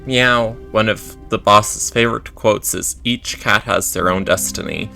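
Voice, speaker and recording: A man doing a boastful gossiping mafia cat, low and gravelly. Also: a little slow, sharp tone, soft background music, full character voice.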